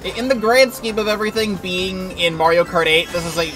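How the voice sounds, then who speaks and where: A man with a high, steady voice talks a little fast while streaming a racing game, with game music playing behind him. He chats casually and rambles through a story about work, full of filler words and the occasional swear.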